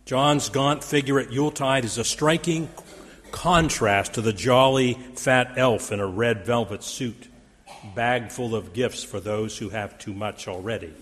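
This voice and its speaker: Pastor, man, mid-pitched, theatrical preaching style, recorded in a reverberant sanctuary. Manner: dramatic, quoting scripture with raised force. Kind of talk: sermon. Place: church sanctuary.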